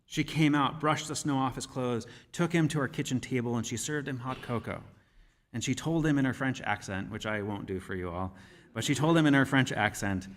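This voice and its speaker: A man giving a sermon as minister, speaking in a measured, gentle storytelling manner. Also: medium pitch. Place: church sanctuary. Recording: reverberant church hall.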